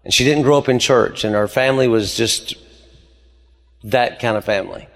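A pastor delivers a sermon in a mid-pitched voice. He tells stories and builds his emphasis as he goes. His voice carries a long reverb, as if filling a church sanctuary. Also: normal speed. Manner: preaching with rising emphasis, storytelling.

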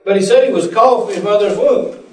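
A man's voice: sits high, fast talker, slight background noise. A man preaching a sermon and telling folksy stories, acting out the voices of the people in them. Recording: echoey room, voice picked up from a distance.

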